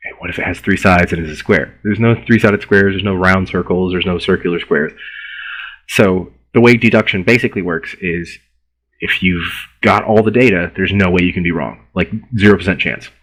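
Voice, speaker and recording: A man's voice: low voice, fairly quick, a bit bright, rough recording. A man giving a university philosophy lecture in a conversational way, often restarting words and repeating himself.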